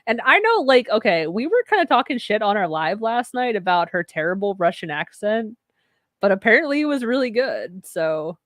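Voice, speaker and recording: A woman's voice: medium pitch, very animated, moderate pace, a bit bright, no room sound. A woman co-hosting a podcast, chatting casually and laughing often. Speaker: podcast co-host. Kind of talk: casual chat.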